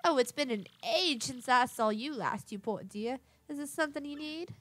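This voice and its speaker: A woman's voice: sits high, lively intonation, normal speed, fairly bright tone, voice pushed up. A woman voicing a vain, fussy, posh lady spirit who talks in a genteel, affected, old-fashioned way. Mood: doting, prim.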